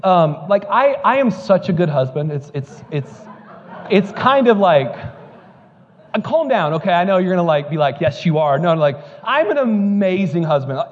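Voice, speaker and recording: High-voiced joking preacher man. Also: very animated, normal speed, in a large hall, lo-fi sound. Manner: joking storytelling building to fervent preaching. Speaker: pastor. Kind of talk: sermon. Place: church service.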